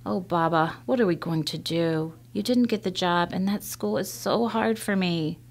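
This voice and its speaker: A woman's voice: on the low side, moderate pace. A woman voicing a shy young Albanian girl, new at an American school, speaking earnestly and plaintively in a storybook reading. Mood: despairing.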